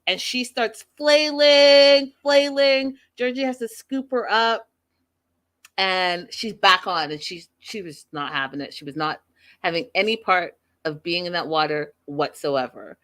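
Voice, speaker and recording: A woman hosting a casual recap of a reality show, chatting in an animated, gossipy storytelling way. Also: fairly low pitch, normal speed. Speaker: show host.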